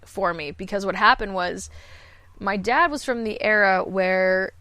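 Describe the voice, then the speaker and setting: A woman in her thirties, a voice actor appearing as a guest, chats candidly and self-deprecatingly in a rambling, casual podcast conversation. Her medium-pitched voice sounds pushed and bright, she speaks a little slowly, and there's no room sound.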